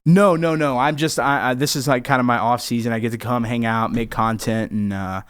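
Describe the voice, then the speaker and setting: A man's voice: medium pitch, fairly quick, smooth, dry recording. A man talking as a guest on a podcast, telling rambling stories in a casual chat. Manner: rambling, animated storyteller.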